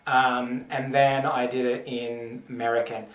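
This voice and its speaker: A man's voice: medium pitch, little pitch movement, measured pace. An Australian man, an actor guest on a podcast, speaking earnestly and thoughtfully with lots of fillers. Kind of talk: casual interview chat. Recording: echoey and distant from the mic.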